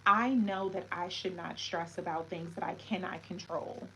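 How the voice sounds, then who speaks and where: A woman's voice: on the low side, fairly even intonation, moderate pace, a bit bright, a little hiss or hum, poor audio. A woman hosting a casual livestream, talking reflectively to her viewers and greeting them with French words. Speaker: livestream host.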